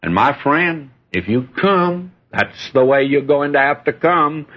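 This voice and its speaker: A husky male preacher delivers a sermon in a folksy storytelling way. His pitch climbs and drops as he leans into a point, then settles back into easy talk. The recording sounds dull and lo-fi. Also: lively intonation, unhurried.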